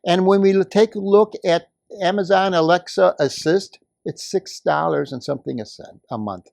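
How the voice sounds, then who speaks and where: An older man speaking at a community meeting, telling a story and building to forceful, emphatic outbursts. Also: sits high, moderate pace, creaky, dry recording, studio quality. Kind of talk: impassioned public comment.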